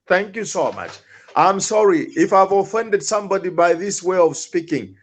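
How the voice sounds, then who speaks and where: Guy on a panel, really high voice, swings up and down a lot, fired up and stumbling over his words. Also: expressive, normal speed. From Zambia. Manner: angry, repeats words and restarts often. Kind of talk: impassioned talk-show commentary.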